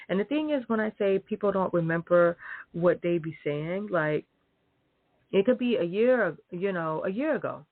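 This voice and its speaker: A woman's voice: on the low side, expressive, normal speed, no echo. A woman ranting casually to her viewers, emphatic and profane, heavy on fillers. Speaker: vlogger. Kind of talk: casual rant to camera. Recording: dry tinny phone-like sound.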